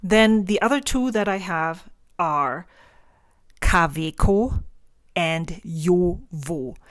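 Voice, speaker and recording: A woman in her forties with a German accent, explaining pronunciation in a casual vlog and sounding out words slowly. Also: lowish voice, dry recording, studio quality. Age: 40s. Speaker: stationery vlogger.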